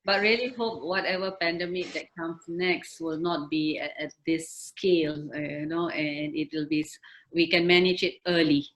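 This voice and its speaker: A woman's voice: fairly low pitch, normal speed, fairly bright tone, low-quality recording. A middle-aged woman, a health ministry official, speaking earnestly on a webinar panel over a video call with many fillers and restarts. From Malaysia.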